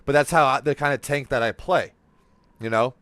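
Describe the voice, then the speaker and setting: A man's voice: mid-range voice, a little fast, a bit bright, no room sound. A young man hosting a casual gaming podcast, rambling with lots of "like" and swearing, acting out what others said. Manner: rambling, profane, fillers like "like", acts out quotes. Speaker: podcast host. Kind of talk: casual chat.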